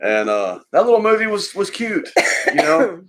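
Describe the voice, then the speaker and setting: A man's voice: high voice, huge pitch swings, normal speed, creaky. A man, casually chatting and teasing as a live stream co-host. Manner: joking, teasing, rambling, laughs often.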